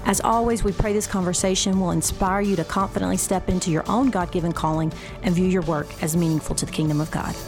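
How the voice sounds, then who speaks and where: A woman hosts a podcast, opening the show with an enthusiastic scripted introduction. Her voice is slightly low, and clear music plays underneath her. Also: steady tone, quick pace. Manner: upbeat, enthusiastic. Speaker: podcast host. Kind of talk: scripted intro then interview questions.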